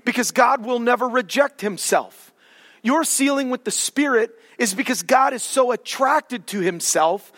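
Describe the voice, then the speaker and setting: An animated male pastor preaches with humor and sudden dramatic swings in volume. His voice is unusually high for a man. It rings with a long reverb through the church hall. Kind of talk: sermon.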